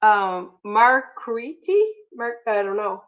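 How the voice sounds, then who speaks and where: A chatty woman hosts a casual livestream, reading viewer comments aloud. Her voice sits a little high and sounds bright and forceful, and she fills her pauses with ums and uhs. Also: rough recording. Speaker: livestream host.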